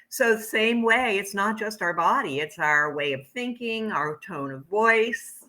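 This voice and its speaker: A woman's voice: mid-range voice, lively intonation, a little slow, hardly any pauses, pushed and bright. A woman from Pennsylvania telling stories in a rambling, thoughtful way as a spiritual teacher in casual chat. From Pennsylvania, United States.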